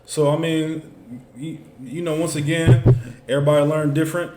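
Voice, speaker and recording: A man's voice: fairly high pitch, flat delivery, normal speed. Man leading a class, easygoing and rambling, recorded in a reverberant room. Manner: loose, conversational, many fillers like "you know what I'm saying". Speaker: teacher. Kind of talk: casual classroom instruction. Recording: echoey room with faint noise.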